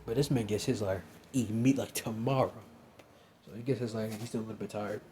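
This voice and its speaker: A man's voice: lowish voice, fairly even intonation, a little fast, warm tone, slight background noise. A young man casually improvising a fan story, rambling with lots of fillers. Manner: rambling, filler-heavy, says "you know what I'm saying" often.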